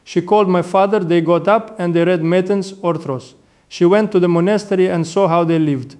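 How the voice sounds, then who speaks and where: An older man, an Orthodox monk, giving a sermon with measured, reverent storytelling. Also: sits high, a little mellow.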